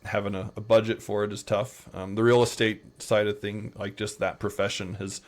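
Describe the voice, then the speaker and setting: Low-voiced Utah man telling long stories. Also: normal speed. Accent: American, Utah. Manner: relaxed, rambling anecdotes with playful quoted voices. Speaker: podcast guest. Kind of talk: casual storytelling interview.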